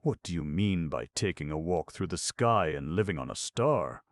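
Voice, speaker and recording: A man voicing a cheerful, teasing storybook clown, lifted a little above a very deep, gravelly natural voice. The delivery is close and dry. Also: animated, normal speed, no room sound. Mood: astonished. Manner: teasing, bright.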